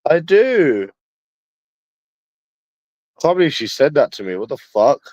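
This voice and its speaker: A man's voice: medium pitch, lively intonation, quick pace, a little mellow, no room sound. A man with a London accent talking casually to viewers in a rambling, crude way, swearing freely. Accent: London English. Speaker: livestreamer. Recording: dull lo-fi dry sound.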